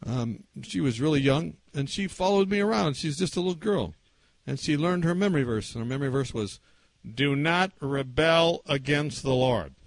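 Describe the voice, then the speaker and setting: High-voiced animated male preacher. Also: fairly quick, vocal fry, no room sound. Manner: animated, acts out quoted voices. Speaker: pastor. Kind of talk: storytelling sermon. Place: camp meeting hall.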